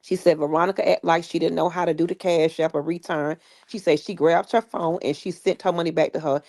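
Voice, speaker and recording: A woman guest recounts stories in a casual, chatty manner, slipping into the voices of the people she quotes as she animatedly retells events. Her voice is lowish with a gravelly edge, and her delivery is brisk. The recording is dry and close, with no room sound.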